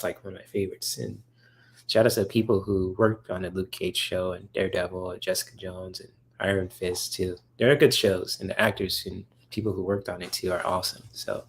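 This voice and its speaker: This man's voice is low and gravelly. Hosting a laid-back livestream, he answers questions from viewers' chat, rambling enthusiastically about comics and using plenty of fillers.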